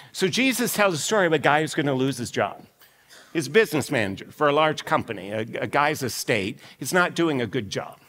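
Man, pastor, sermon, animated storytelling, bright voice, church hall reverb. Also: on the high side, brisk. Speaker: lead pastor. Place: church sanctuary.

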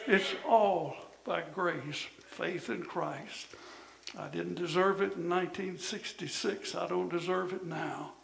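An older man preaching a sermon as pastor, emphatic, rising to shouts and then dropping low. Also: steady tone, measured pace, creaky. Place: church. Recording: echoey church sanctuary.

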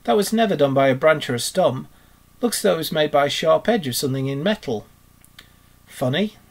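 A kindly, practical male rat from a storybook, speaking in a brisk, cheery way, pitched a little above a plain reading voice, as a man reading aloud puts him on. His tone is husky and reassuring. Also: animated. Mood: puzzled.

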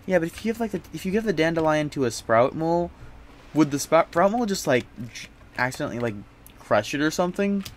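A man's voice: a little high, lively intonation, quick pace, a little hiss or hum. A young man commenting live on a game he is playing, thinking aloud in a casual, rambling way with frequent restarts and self-mocking slang. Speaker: streamer. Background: game music.

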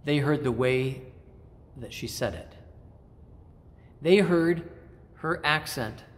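Middle-aged male pastor, fairly high voice; measured, reflective sermon delivery with restarts, long church reverb.

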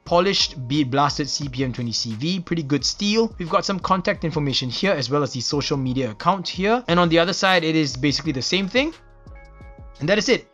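Excitable Singaporean man unboxing a knife. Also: fairly high pitch, brisk, soft background music. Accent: Singaporean English. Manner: enthusiastic, admiring exclamations over details. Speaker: knife reviewer. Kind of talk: casual unboxing commentary.

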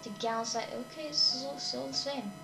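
Her voice is high, steady in tone, gravelly and a little fast, with heavy background noise. She's a gamer giving casual let's-play commentary in an echoey room with game music, hesitant and mumbling as she reads, trailing off with "I guess."

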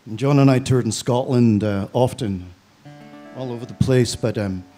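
A man's voice: medium pitch, moderate pace, dark tone, soft background music. A man from Belfast with a Northern Irish accent, giving a eulogy with dry, storytelling humor. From Belfast, Northern Ireland. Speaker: funeral speaker.

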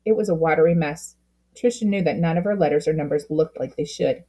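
Lady reading a kids' story out loud, husky and kinda low, expressive. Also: fairly quick. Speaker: storybook reader. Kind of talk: reading a children's book aloud.

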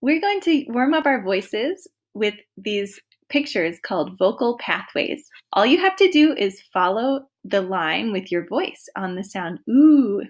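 Slow, lively-voiced woman music teacher. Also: mid-range voice. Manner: slow, encouraging, sings vocal slides on ooh. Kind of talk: remote lesson for young children.

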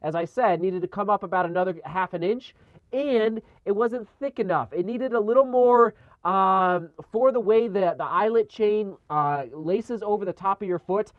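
A congested man talks casually to his camera, voice a touch higher than most men's and stuffy from a cold. The sound is close and dry, with no room around it, and he thinks aloud, circling back over his words. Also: moderate pace, dry recording, narrow, tinny audio. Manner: chatty, thinking aloud with restarts. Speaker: running shoe vlogger. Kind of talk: casual vlog chat.

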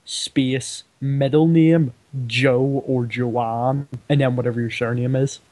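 A young man plays a game with a friend over voice chat, speaking slowly in a medium-pitched, steady, darkish voice with no room sound. The casual chat is jokey and giggly, and he often apologizes for his teasing.

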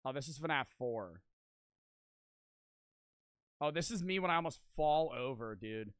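A man's voice: medium pitch, expressive, measured pace, fairly bright tone, clean tone, dry recording. A young man in his twenties streaming, chatting casually and rambling, swearing often and filling his talk with "like". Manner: rambling, swears a lot, fills with "like".

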